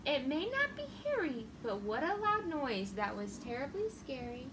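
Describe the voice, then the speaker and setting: A woman voicing a small, timid striped mouse in a storybook, hushed and nervous. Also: sits high, sing-song, moderate pace, background noise, voice pushed down. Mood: scared.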